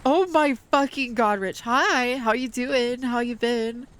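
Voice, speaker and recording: A woman streaming a video game, talking to her chat, excitable and swearing often. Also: on the high side, takes it slowly, smooth. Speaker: VTuber streamer. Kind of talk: gaming livestream chat.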